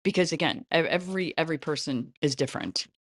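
A woman's voice: sits low, fast talker, no echo. Chatty middle-aged woman, dry close sound. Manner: animated, chatty, with frequent light laughs. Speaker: casting director. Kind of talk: interview answers, giving advice.

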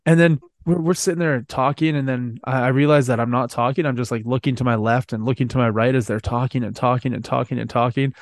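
A man co-hosts a podcast in loose casual chat. He swears freely, laughs through his own anecdotes and rambles from one tale to the next. His voice sits at an ordinary pitch and is recorded close and dry. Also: steady tone, fast, few pauses, no echo. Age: adult. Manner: profane, storytelling, laughs often. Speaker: podcast co-host.

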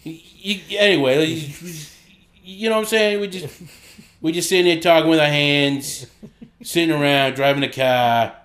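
Dude doing a boston accent, loud and rambling, goofing around. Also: male voice, a little high, normal speed, lightly acted. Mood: boisterous. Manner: loud, boisterous bit.

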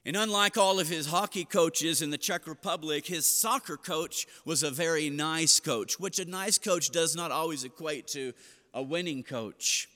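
Middle-aged male pastor, storytelling sermon, lively quoted voices, reverberant church. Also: on the high side, normal speed. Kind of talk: seated sermon. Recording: long hall reverb.

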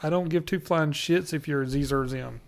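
A man's voice: a little high, fairly quick, vocal fry. A man co-hosting a casual podcast, blunt and offhand, chuckling often. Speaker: podcast co-host. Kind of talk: casual chat.

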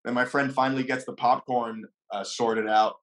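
A man's voice: medium pitch, moderate pace. A man, a guest on a talk show, telling a casual story with lots of laughter, acting out what people said. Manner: animated, laughs often, acts out quotes.

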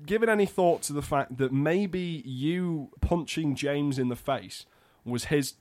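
A man's voice: fairly high pitch, a little slow, darkish tone. A man hosting a casual chat, asking probing, teasing questions.

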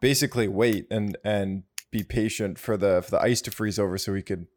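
A man's voice: on the low side, fairly even intonation, brisk, a little mellow, slight background noise. A man co-hosting a casual talk show, easygoing and stumbling over restarts. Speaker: podcast co-host. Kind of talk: casual chat.

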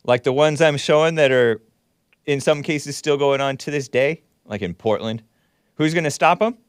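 A man hosting a call-in talk show, ranting sarcastically and reacting with quick laughs and asides. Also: fairly high pitch, dry recording, clean studio sound. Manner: animated, sarcastic, swings loud and soft, laughs at his own jabs.

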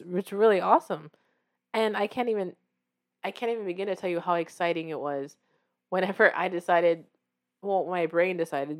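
A woman author hosting her own show, talking casually and encouragingly to the listener and acting out her own reactions as she tells her story. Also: on the low side. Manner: warm, encouraging, directly addressing the listener. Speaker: author and podcast host. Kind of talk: casual motivational talk.

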